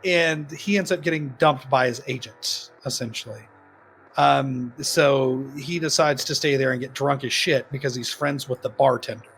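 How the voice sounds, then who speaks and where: A man with a breathy, somewhat high voice walks through a horror movie plot in relaxed podcast chat. He rambles, drops filler ums and laughs between thoughts. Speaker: podcast co-host. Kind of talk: casual film-review chat.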